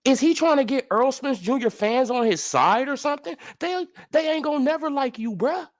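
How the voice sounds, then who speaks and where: A man's voice: very high voice, expressive, normal speed. A man ranting in sports commentary as a vlogger, profane and incredulous, firing off heated rhetorical questions.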